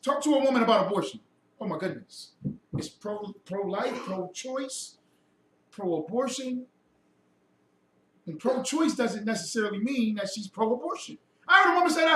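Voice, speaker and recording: A man's voice: high-pitched, expressive, moderate pace, sharp tone. A man giving a heated lecture to a group, preachy and mocking, firing off rhetorical questions. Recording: echoey room, mic far off, faint noise.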